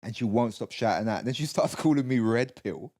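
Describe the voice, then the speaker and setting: A young man, co-hosting a comedy podcast and telling animated stories in casual chat. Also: fairly quick. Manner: animated storytelling, lively pitch.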